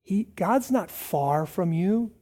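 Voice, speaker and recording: Mellow-voiced man preaching conversationally. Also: animated, slow. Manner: conversational preaching, swinging from raised emphatic lines to low asides. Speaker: pastor. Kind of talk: sermon.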